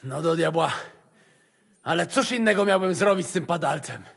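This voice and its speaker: An actor playing a hot-tempered, foul-mouthed soldier who talks gruffly. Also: male voice, on the high side, expressive, a little fast, fairly bright tone, big-room sound, heavily acted. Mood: scornful. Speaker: mercenary.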